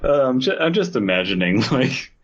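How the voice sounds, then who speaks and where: A man's voice: medium pitch, very animated, normal speed. A man co-hosting a comedy podcast, rambling and hesitant, with amused tangents. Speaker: podcast co-host. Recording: dull lo-fi mic.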